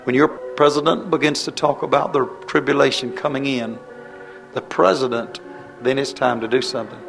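A man preaching a fervent revival sermon, impassioned and pleading, his voice rising into high cries. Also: fairly even intonation, normal speed, gravelly, fairly bright tone, soft background music.

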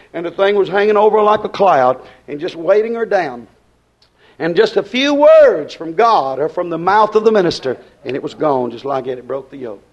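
A man preaching a sermon, swinging between loud rising lines and low quiet ones and repeating his phrases. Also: highs cut off. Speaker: pastor.

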